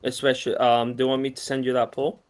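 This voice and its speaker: A man's voice: medium pitch, level tone, fast talker. A man from Iran arguing heatedly as a guest in an online debate, stammering and restarting his sentences and talking over the others, on AirPods. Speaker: debate guest on a live stream.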